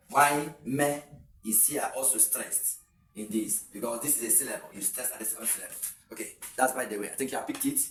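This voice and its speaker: Nigerian guy teaching at the board, far off mic, echoey room, lots of ums. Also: mid-range voice. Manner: explanatory, repeats phrases, many fillers. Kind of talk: classroom exam tutorial. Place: classroom with a board. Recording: roomy, distant camera mic with faint hiss.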